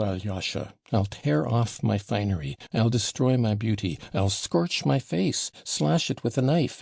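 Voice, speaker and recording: A man's voice: medium pitch, gravelly, dark tone, no echo, clean studio sound, voice pushed up. A man reading an audiobook voices a passionate, wounded young woman, talking in a raised, emotional way that swings from tender to scornful. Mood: defiant. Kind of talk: audiobook character voicing.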